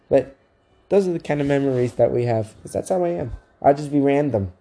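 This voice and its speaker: A man co-hosting a podcast, telling a profane, animated story in casual chat. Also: mid-range voice, fast. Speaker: podcast co-host.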